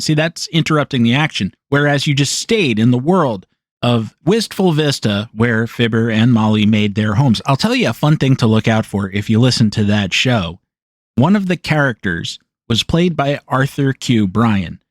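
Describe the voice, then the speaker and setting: A man's voice: medium pitch, animated, moderate pace, no room sound. A man from the United States hosting a solo podcast monologue. He speaks in a conversational way and drops dry, sarcastic asides. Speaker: podcast host.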